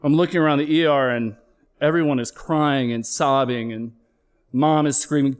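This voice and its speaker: A middle-aged man recounts a personal story before an audience, speaking candidly and earnestly. His voice sits at an ordinary middle pitch. Emotion rises and falls as he talks. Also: normal speed, smooth. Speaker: flight paramedic. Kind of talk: personal story told live on stage.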